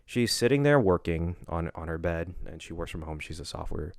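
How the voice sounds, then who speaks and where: A young man with a very low voice talks in a casual podcast chat. He tells his story earnestly, stopping and restarting often, and the mic is close and dry. There is no room sound around him. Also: expressive, vocal fry, dry recording. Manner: halting, emotional storytelling with many restarts. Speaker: podcast co-host.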